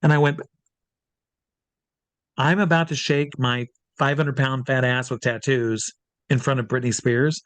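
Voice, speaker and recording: A man's voice: medium pitch, unhurried, long pauses, no room sound. Man telling a story with dry sound. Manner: lively anecdote teller who acts out the quoted voices and swears freely. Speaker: guest, drag performer and hypnotist. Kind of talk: casual storytelling in an interview.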